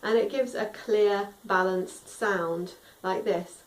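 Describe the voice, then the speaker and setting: A woman's voice: mid-range voice, takes it slowly, recorded from a distance, slight background noise. A woman teaching singing, explaining vocal tone in a friendly, instructive way. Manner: friendly instructive, demonstrates sung tones. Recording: roomy echo, a little off mic.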